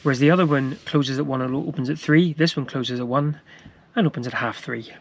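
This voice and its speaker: A man's voice: medium pitch, a little fast, gravelly, a little hiss or hum. Joking man in a stopped van. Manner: jokey, teasing, chuckles often. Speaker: vlogger. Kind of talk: casual travel vlog chat. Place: stopped van beside a road.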